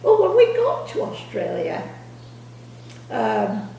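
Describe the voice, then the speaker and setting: Older grandma rambling through old stories, high and gravelly, far off in an echoey room. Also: female voice, huge pitch swings, slow pace, dark tone, slight background noise. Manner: rambling, repeats words, laughs through stories. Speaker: grandmother telling family stories. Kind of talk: casual storytelling. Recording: echoey room, distant mic.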